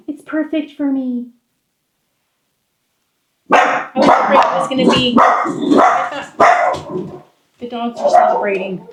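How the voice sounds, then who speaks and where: A woman's voice: high-pitched, takes it slowly, pauses often, fairly bright tone. A woman hosting a home cooking vlog, chatting playfully and laughing often in her kitchen. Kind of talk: casual chat.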